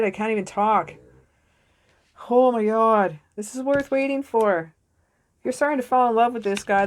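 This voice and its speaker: A young adult woman doing a casual tarot reading, jokey and excitable, swearing freely as she spins a story. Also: mid-range voice. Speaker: tarot reader.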